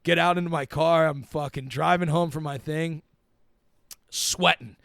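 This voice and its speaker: Gravelly, profane young man telling a story. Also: on the high side, fairly even intonation, unhurried, a bit bright, no room sound, clean studio sound. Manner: laid-back, profane, laughs while telling. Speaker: podcast guest, comedian. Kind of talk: casual storytelling.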